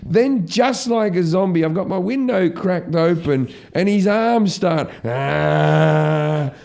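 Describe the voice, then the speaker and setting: A comedian telling a story in casual chat, acting out shouts as he goes. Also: sits high, measured pace. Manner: animated, acts out shouts in his stories.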